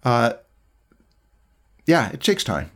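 A middle-aged man co-hosting a casual art chat, giving thoughtful drawing advice in a measured way. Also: mid-range voice, wildly swooping pitch, creaky, a bit bright. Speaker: art podcast co-host.

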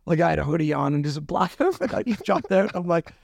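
A man with a slightly high, gravelly voice tells a long story in a podcast studio. He laughs as he goes and keeps restarting his sentences. The sound is close and dry. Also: lively intonation, fast, dry recording. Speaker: podcast guest, restaurant owner. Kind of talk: casual storytelling.

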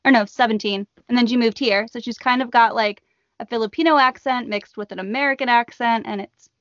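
A woman chats casually on a podcast, sprinkling her speech with "like." Her voice sits on the high side. The recording is dull and dry. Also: steady tone, a little fast, a bit bright, dry recording. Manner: chatty, with many "like" fillers. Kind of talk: casual chat.

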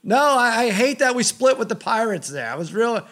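A man hosting a sports talk show, ranting in an animated, joking way during casual banter. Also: extremely high pitch, brisk.

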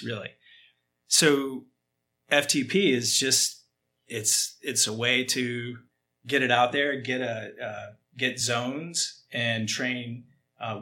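A man, a cycling coach guest on a podcast, explaining training ideas in an energetic, emphatic way. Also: medium pitch, slight background noise. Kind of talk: conversational explanation.

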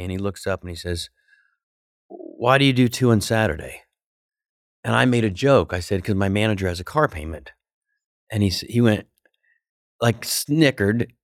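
A middle-aged male comedian telling a backstage anecdote in an animated, profane way, acting out the people he quotes. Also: fairly low pitch, no room sound, studio quality. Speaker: comedian guest. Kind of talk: storytelling anecdote.

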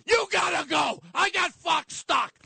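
An older man, hosting talk radio and ranting loudly with shouted insults. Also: very high voice, lively intonation, unhurried, creaky. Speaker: radio host.

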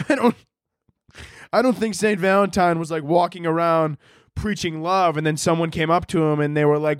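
A man's voice: a little high, brisk, dry recording, clean studio sound. A young man hosting a comedy podcast, telling a rambling, profane, sarcastic monologue and laughing often. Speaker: podcast host.

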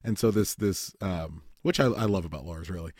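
A podcast host with a deep voice tells a rambling story in casual chat, fairly quickly and with heavy swearing. The sound is clean studio audio with no room sound, and he often quotes people in animated, put-on voices.

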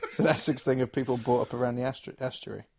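A man's voice: medium pitch, steady tone, rapid-fire, vocal fry, noisy background. A man co-hosting a casual podcast chat, patiently explaining things. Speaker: podcast co-host.

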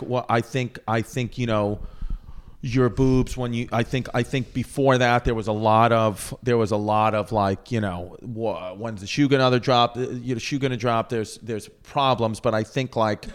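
A young man hosting a podcast in a loose, joking chat. He teases his guest and laughs through his questions, speaking at an ordinary pitch. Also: fairly even intonation, normal speed, smooth. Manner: joking, teasing, laughs often. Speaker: podcast host.

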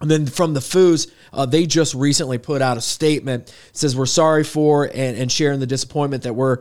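A man's voice: medium pitch, fairly even intonation, brisk, darkish tone. A man hosting a casual chat show, laid-back and easygoing as he reads out rock news. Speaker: host.

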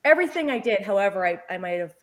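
A woman in her forties, a paramedic, telling a work story in casual chat, lively and often laughing. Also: mid-range voice, rapid-fire, noisy background.

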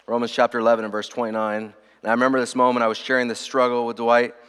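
A male pastor preaching a sermon in a church, earnest and emphatic, softening to a hushed tone in prayer. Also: medium pitch, level tone, fast, clean tone, big-room sound.

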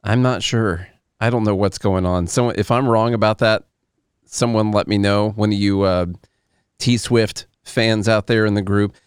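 A man's voice: on the low side, fairly even intonation, moderate pace, clean tone, no room sound, clean studio sound. Sarcastic Southern man in his thirties. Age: 30s. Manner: joking, sarcastic. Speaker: podcast host. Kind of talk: casual chat.

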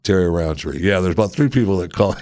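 Male podcast host, lowish voice, casual and self-deprecating, playful asides. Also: lively intonation, fast, darkish tone. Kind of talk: casual solo podcast chat reading listener reviews.

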